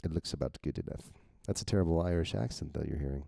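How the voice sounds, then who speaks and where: Gravelly low-voiced man talking through edits. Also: quick pace, dark tone, no room sound, studio quality. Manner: rambling, casual, swears freely, chuckles at himself. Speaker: novelist. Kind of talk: thinking-aloud editing walkthrough.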